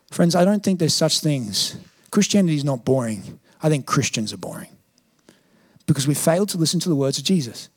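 A pastor preaching with high energy, his voice sitting high and a little gravelly. He tells his story playfully, acting out the voices of others. The sound is close and dry, with no room behind him. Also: no echo. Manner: animated, acts out quoted voices, jokey. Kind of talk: sermon with animated storytelling.

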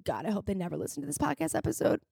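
A woman's voice: a little high, sing-song, rapid-fire, vocal fry, dark tone, breathy edge, no room sound, clean studio sound. A young woman hosting a podcast, telling a personal story in a rambling, filler-heavy way, emotional and at times tearful. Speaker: podcast host. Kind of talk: casual confessional monologue.

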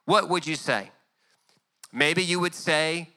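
Male pastor, young adult, sermon, conversational, fairly high, very bright tone. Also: slow, clear, resonant tone. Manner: conversational, acts out imagined dialogue.

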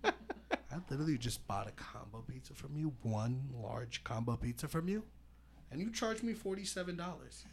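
A man hosting a podcast in casual chat, telling loud, profane, animated stories. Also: medium pitch, normal speed, vocal fry, slight background noise. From California. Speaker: podcast host.

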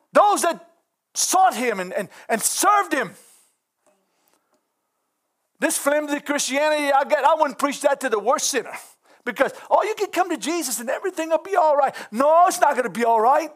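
A man with a strikingly high voice delivers a sermon with fervent intensity. He punctuates his preaching with exclamations and swells into shouts, pressing each point hard. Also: animated, normal speed.

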